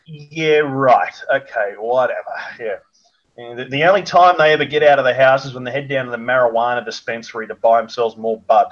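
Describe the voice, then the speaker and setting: A man's voice: mid-range voice, dull audio. Foul-mouthed Australian man ranting. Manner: crude, mocking, rapid-fire insults. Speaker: guest. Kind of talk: profane ranting chat.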